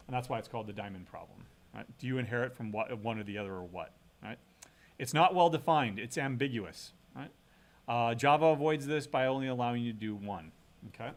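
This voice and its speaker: A middle-aged man lecturing a class in a relaxed, conversational way. His voice sits at an ordinary middle pitch. He keeps checking in with quick "right?" tags and thinks aloud as he goes. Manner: casual, thinks aloud, frequent "right?" tag questions. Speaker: university lecturer.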